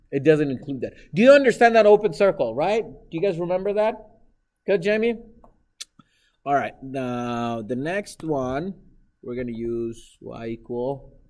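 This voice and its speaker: A man's voice: medium pitch, a little mellow. A man teaching math in a classroom, lecturing live and teasing his students with jokes.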